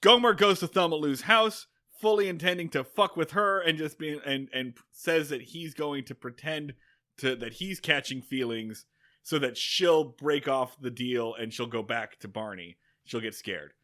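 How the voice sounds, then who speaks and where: A man's voice: a little high, moderate pace, pushed and bright. A man co-hosting a podcast, summarizing a plot in casual, wry chat. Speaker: podcast co-host.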